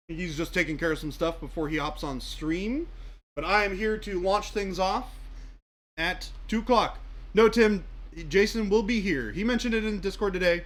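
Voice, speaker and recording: Chatty high-voiced man. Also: fairly bright tone. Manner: upbeat and chatty. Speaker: livestream host. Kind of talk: casual livestream chat.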